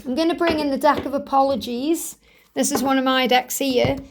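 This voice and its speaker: High-voiced woman giving a tarot reading. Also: creaky, a little hiss or hum. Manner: earnest, reassuring, speaks straight to the viewer; repeats key phrases for emphasis. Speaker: tarot reader.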